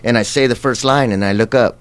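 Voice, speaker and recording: Male interview guest, mid-range voice, lively storyteller who acts out dialogue. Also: mid-range voice, a little fast, smooth. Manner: animated, acts out quotes with laughs. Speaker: actor guest.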